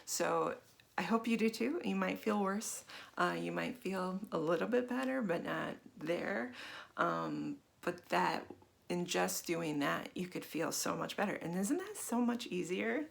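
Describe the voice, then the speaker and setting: Gently encouraging woman with a gravelly voice. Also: fairly low pitch, expressive, a little slow. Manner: gentle, encouraging, talks straight to the viewer. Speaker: tapping instructor. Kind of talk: casual guided self-help lesson.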